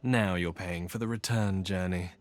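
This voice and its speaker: A man's voice: low-pitched, fairly even intonation, moderate pace, no echo, lightly acted. A man playing a purring seductive con-man. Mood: teasing. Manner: teasing, purring, condescending. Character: smooth, seductive male con-man lover. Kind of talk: video game voice acting.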